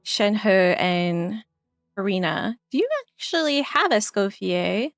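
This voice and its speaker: A woman's voice: medium pitch, animated, slow pace, no room sound, studio quality, faint music behind. A woman casually commenting while playing a game on stream, chatty and laughing often, trailing off as she thinks.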